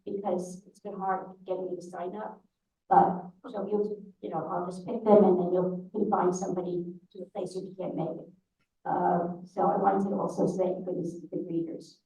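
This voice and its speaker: Woman, New York accent, meeting presenter; chatty, halting delivery, mellow tone, echoey distant hall sound. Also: mid-range voice, creaky. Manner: chatty, halting, with many restarts. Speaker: presenter thanking volunteers at a congregation's annual meeting. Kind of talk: informal meeting remarks. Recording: very echoey hall, voice away from the mic.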